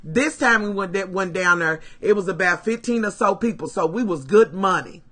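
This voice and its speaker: A woman telling a story to her live stream viewers, animated and full of profanity, calling them "y'all". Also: mid-range voice, normal speed. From Kentucky, USA.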